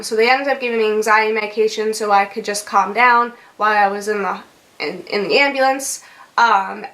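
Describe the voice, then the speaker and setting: A woman's voice: fairly high pitch, fairly bright tone. A young woman vlogger telling a story in a chatty way, with lots of fillers, laughs and swearing. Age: young adult. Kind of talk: casual storytime.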